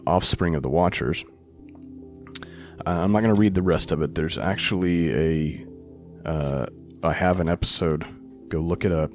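A man reading a translated ancient text aloud, breaking off now and then to explain it in loose, joking asides. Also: sits low. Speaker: teacher of ancient texts.

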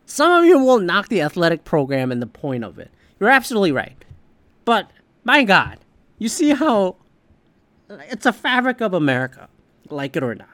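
A man's voice: high voice, wildly swooping pitch, moderate pace, fairly bright tone, no echo. A male podcast host on a cursing sports rant, his voice swinging widely up and down as he gets fired up. He sounds close and dry, with no room around him. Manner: profane, heated, opinionated.

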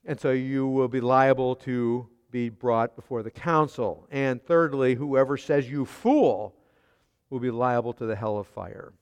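A man preaching an expository sermon, asking his hearers rhetorical questions and swinging between quiet and emphatic delivery. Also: medium pitch, fairly even intonation, moderate pace, few pauses, clean tone. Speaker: pastor. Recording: long hall reverb.

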